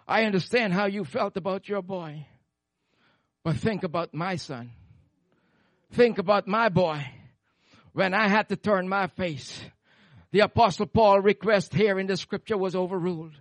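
A man preaching in a high voice, captured dry and close with no room sound. He holds a microphone and swings between loud, fervent praise and quiet, hushed storytelling in a church sermon. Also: normal speed, no echo. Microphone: handheld microphone.

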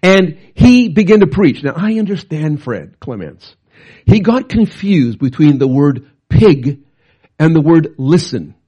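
A middle-aged man preaching a storytelling sermon as a pastor and missionary, animated and prone to restarts, with a husky voice. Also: on the high side, unhurried. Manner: animated, bursts into loud acted quotes, frequent restarts.

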